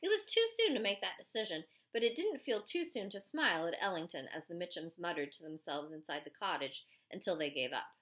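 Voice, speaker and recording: A woman narrating a first-person story as an audiobook, with lively storytelling. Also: lowish voice, a little fast, few pauses.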